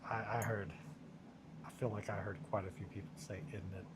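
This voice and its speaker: A man's voice: on the low side, little pitch movement, a little fast, heavy background noise. A man chatting casually and rambling with viewers from his home studio, self-mocking and swearing now and then. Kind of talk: casual chat.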